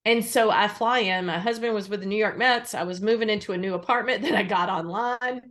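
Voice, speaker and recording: A middle-aged woman, a guest on a faith podcast, telling stories in an animated, earnest way and laughing easily. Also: mid-range voice, brisk. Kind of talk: conversational storytelling.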